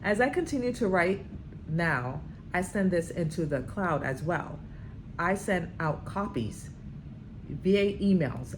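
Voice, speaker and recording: A woman vlogger reading a book aloud with dramatic emphasis and breaking in with her own emphatic comments. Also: background noise. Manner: emphatic, with sudden high outbursts.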